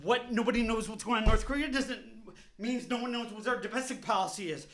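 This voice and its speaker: Speaking quickly in an extremely high, somewhat bright voice, a man on his vlog delivers an openly furious political rant. It is heated, repetitive and laced with profanity.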